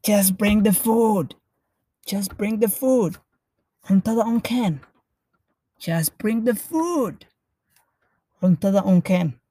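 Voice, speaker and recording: A woman's voice: on the low side, lively intonation, slow pace, creaky, mellow, breathy edge, no echo, studio quality, heavily acted. A woman doing a curt impatient husband. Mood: insistent. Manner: curt, repeats orders firmly. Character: hungry, impatient adult husband ordering food.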